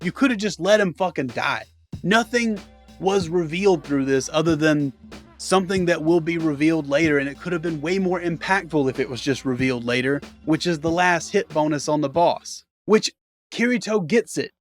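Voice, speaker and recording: A man's voice: fairly high pitch, moderate pace, faint music behind. A man ranting through a sarcastic, profane comedic anime review, exasperated. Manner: acts out characters in mocking voices.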